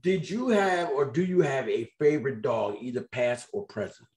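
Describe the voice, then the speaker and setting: A man hosting a casual live online interview, lively and playful, with loose, colloquial speech. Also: medium pitch, moderate pace. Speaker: host of a live online show.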